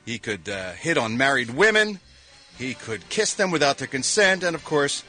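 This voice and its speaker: A man's voice: on the high side, sing-song, moderate pace, sharp tone, soft background music. A man reading showbiz news on a morning radio show, wry and sarcastic, with punchy lines and mumbled asides.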